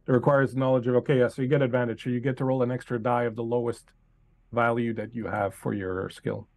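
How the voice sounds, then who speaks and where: A man running a tabletop game as game master, narrating scenes to a player in an unhurried, second-person way over an online call. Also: mid-range voice, level tone, vocal fry, darkish tone.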